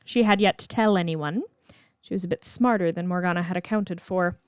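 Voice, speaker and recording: A woman reading her own fan fiction aloud in a steady, expressive storytelling voice. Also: fairly low pitch, a little fast, smooth, dry recording, clean studio sound. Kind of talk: storybook read-aloud narration.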